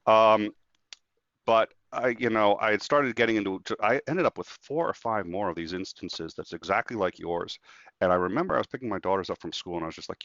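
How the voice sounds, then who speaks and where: Low-voiced man telling animated stories. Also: brisk, no echo. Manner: animated storyteller acting out quotes. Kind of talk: casual conversation. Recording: dull, dry lo-fi sound.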